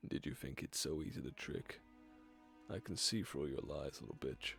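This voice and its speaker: A man voicing a cruel teenage gang leader in a game, with a deep put-on voice and a sneering, taunting manner. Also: lively intonation, moderate pace, creaky, fairly bright tone, soft background music, heavily acted.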